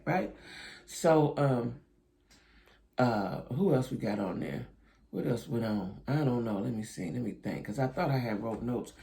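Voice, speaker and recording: His mid-range voice is gravelly and warm, animated yet measured in pace. He delivers opinionated, casual reality show commentary straight to viewers, calling them "y'all" and often asking "right?" or "you know what I'm saying?"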